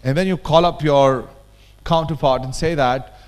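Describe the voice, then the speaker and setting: Leading a lecture workshop in a conference hall, a man with an Indian English accent talks emphatically and regularly checks in with his listeners. As the workshop trainer, his voice is a little high and moves at a moderate pace.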